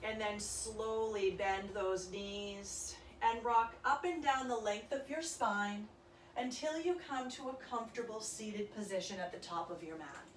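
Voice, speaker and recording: A woman leading a yoga class, giving calm, soft-spoken cues through breathing and stretches. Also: medium pitch, unhurried, a little hiss or hum. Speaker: yoga instructor. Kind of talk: guided yoga class instruction. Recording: echoey room, voice from a distance.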